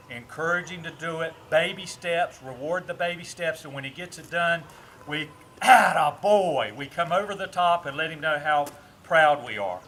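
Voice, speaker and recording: Dog trainer guy, higher voice, calm explaining w/ firm short commands. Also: slight background noise.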